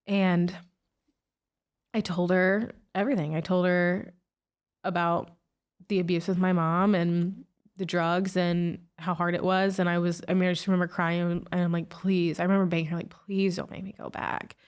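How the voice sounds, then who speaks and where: A woman's voice: on the low side, level tone, moderate pace, clear, resonant tone. A woman guest recounting a painful personal story in an interview, emotional and full of "like" fillers. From United States. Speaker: guest, author and speaker.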